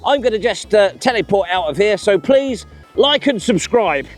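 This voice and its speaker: A man's voice: high voice, expressive, normal speed, faint music behind. A man hosting a vlog outdoors in a park, chatty, enthusiastic and self-mocking as he presents to camera. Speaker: vlog host.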